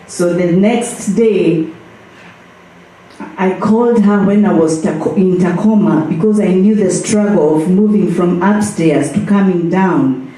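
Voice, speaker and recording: A woman recounting memories in a halting, storytelling manner, heard from far off in an echoey church hall. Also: lowish voice, warm tone, a little hiss or hum. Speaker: memorial speaker. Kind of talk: personal remembrance.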